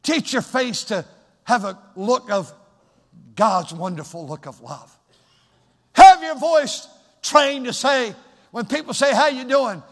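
High-voiced preacher in a reverberant hall. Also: male voice, expressive, slow pace, pauses often. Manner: swings from soft storytelling to loud shouted exhortation. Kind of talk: sermon. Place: church sanctuary.

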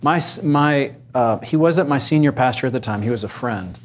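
A man's voice: mid-range voice, moderate pace. A man, a pastor, candidly sharing a personal story of hardship on a Christian panel. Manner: candid, reflective.

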